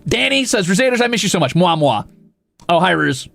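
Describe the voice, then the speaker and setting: A young man streamer with a high, bright voice, big pitch swings and vocal fry talks a little fast. He reads viewer messages aloud and rants about them with profane, mock exasperation during a casual stream.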